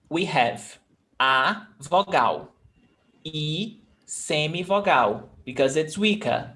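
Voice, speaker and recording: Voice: medium pitch, very animated, takes it slowly, fairly bright tone. An adult Portuguese teacher running a live online class, patiently repeating and sounding out words and switching between English and Portuguese.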